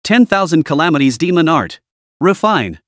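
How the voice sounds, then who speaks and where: A man's voice: on the high side, sing-song, normal speed, no room sound, clean studio sound. A man voicing a cocky young demon lord, speaking offhandedly and giving curt commands.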